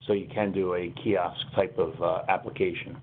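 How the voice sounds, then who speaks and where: A man presenting a technical webinar, talking through software steps on screen in a conversational, explanatory way. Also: deep voice, level tone, normal speed. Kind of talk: conversational software demo walkthrough. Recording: tinny phone-line webinar audio, faint noise.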